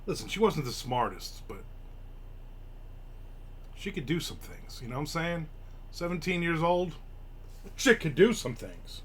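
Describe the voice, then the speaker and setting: Male host, sarcastic, foul-mouthed, forceful tone. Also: on the high side, big pitch swings, a little slow, pauses often, slight background noise. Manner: profane, sarcastic grumbling. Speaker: podcast host. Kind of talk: casual live-stream chat.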